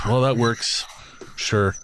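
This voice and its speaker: A man's voice: medium pitch, a bit bright, clear, resonant tone. A man co-hosting a spooky-stories podcast, chatting casually and reading a listener's story aloud, sardonic, swearing and laughing often. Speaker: podcast co-host.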